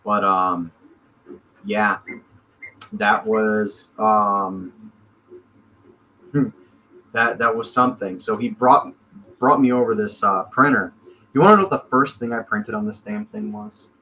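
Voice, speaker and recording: A man's voice: fairly low pitch, slow, pauses often, pushed and bright, slight background noise, rough recording. An American man co-hosting a casual chat show from his home, rambling easygoing talk with many fillers. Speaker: podcast co-host. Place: home room with 3D printers.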